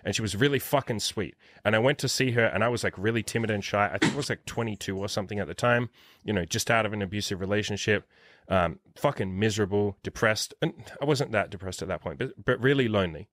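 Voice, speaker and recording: A man's voice: on the low side, quick pace, fairly bright tone, no echo, studio quality. A man in his thirties hosting an interview as a dating coach, talking bluntly with plenty of swearing. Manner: blunt, profane, emphatic. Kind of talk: casual interview chat.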